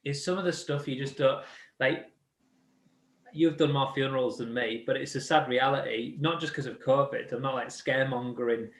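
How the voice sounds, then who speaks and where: A man's voice: mid-range voice, normal speed, roomy sound. A man hosting a church live-stream chat in a casual, jokey way with plenty of fillers. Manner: chatty, jokey, lots of fillers.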